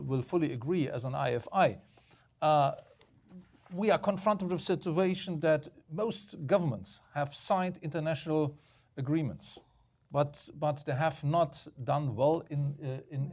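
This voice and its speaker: A man speaking on a panel for a development finance institution, halting, with many fillers and repeated words. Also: a little high, darkish tone. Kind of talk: panel discussion remarks.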